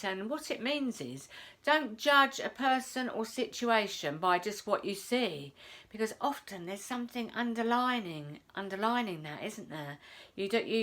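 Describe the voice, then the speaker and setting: A woman's voice: medium pitch, a bit bright. A middle-aged woman talks to camera about a trip, chatty and repetitive. Her voice rises and falls a lot as she tells the story. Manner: chatty, repeats phrases, says "I says". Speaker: self-help vlogger.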